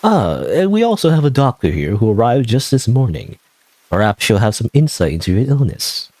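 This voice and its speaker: A man voicing a gentle, kindly middle-aged priest who speaks softly. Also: mid-range voice, sing-song, normal speed. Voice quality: soft-spoken.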